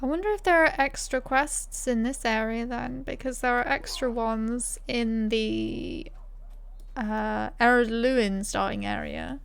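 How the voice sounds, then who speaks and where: A woman's voice: a little high, sing-song, takes it slowly, creaky, clear, resonant tone. A woman streaming a game, reading quest text aloud in character voices and chatting casually with her viewers.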